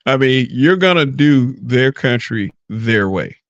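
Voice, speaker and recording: A man's voice: medium pitch, lively intonation, slow, no echo, lo-fi sound. A man hosting a podcast in casual chat, blunt and profane, often mimicking other people's voices. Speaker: podcast host.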